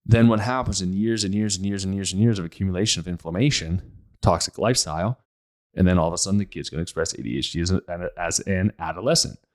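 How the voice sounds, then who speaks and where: A man's voice: low voice, quick pace. A man hosting a podcast, speaking in a blunt, emphatic casual monologue and often repeating his points. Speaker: podcast host.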